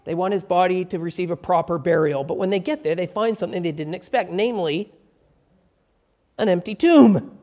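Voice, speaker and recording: A pastor preaching a sermon and retelling a scripture story in an animated storytelling manner. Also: brisk. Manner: animated storytelling with wide pitch swings.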